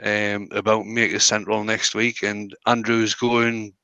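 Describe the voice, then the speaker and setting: A man's voice: on the low side, little pitch movement, measured pace, gravelly, sharp tone, no room sound, muffled recording. A man hosting a live stream, chatting easily and explaining each step of a woodturning job as he works. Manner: easygoing, explains steps as he works. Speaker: host.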